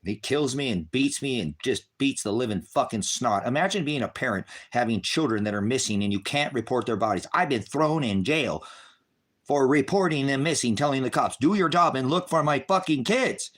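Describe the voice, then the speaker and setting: Middle-aged guy going off on a furious rant, swears nonstop, yells then drops to a mutter, mid-pitch voice. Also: lively intonation, moderate pace. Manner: heavy cursing, bitter and raging; swings from shouting to low muttering. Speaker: online ministry broadcaster. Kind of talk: angry unscripted rant to viewers.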